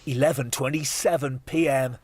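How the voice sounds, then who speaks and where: A man reading scripted voice-over narration for a show, in a flat announcing delivery. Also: medium pitch, moderate pace. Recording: noisy recording.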